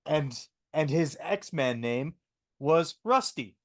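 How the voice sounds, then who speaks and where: Guy on a podcast, slightly high voice, halting, keeps restarting words. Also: lively intonation. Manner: halting, sheepish, repeats words. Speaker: podcast co-host. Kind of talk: casual podcast chat.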